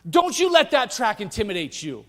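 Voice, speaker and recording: A man's voice: sits high, big pitch swings, brisk, big-room sound. A man playing a cocky teen boy. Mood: mock-serious. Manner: mock-serious pep talk. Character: teenage boy, teasing and confident.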